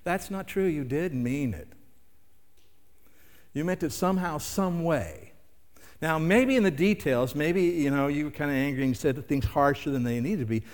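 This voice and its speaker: An older man preaching a sermon in a conversational way, asking the listeners rhetorical questions. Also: fairly high pitch. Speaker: pastor. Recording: long hall reverb.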